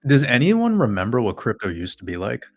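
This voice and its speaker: A man's voice: medium pitch, huge pitch swings, a little fast, dry recording, studio quality, soft background music. A man host ranting in profane, sarcastic casual talk to a live chat audience. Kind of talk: casual rant to a livestream chat.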